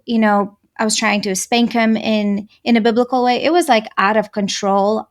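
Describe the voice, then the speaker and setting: A woman's voice: on the high side, normal speed, hardly any pauses. A woman in her thirties whose first language is Russian, earnestly telling her story as a guest in a casual interview.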